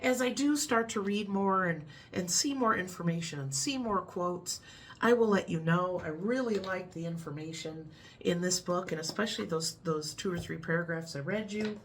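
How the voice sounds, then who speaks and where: A woman's voice: on the low side, normal speed, a little hiss or hum. A middle-aged woman with a Midwestern American accent, chatting casually to camera in a rambling way and laughing at her own stories. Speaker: vlogger.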